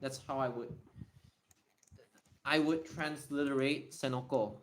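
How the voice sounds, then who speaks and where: A man's voice: medium pitch, fairly even intonation, a little slow, slight background noise. A man hosting a casual livestream Q&A, thinking aloud and often correcting himself and apologizing. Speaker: livestream host. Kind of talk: casual livestream Q&A while writing.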